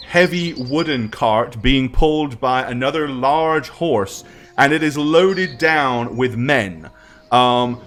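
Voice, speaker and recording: A man narrating a tabletop game as game master, in an animated way with many ums. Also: fairly high pitch.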